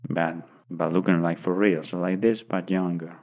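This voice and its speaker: A man's voice: low-pitched, flat delivery, moderate pace, vocal fry. A man improvising a story aloud, rambling and thinking as he describes pictures, recorded on tinny phone-like audio. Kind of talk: unscripted story narration.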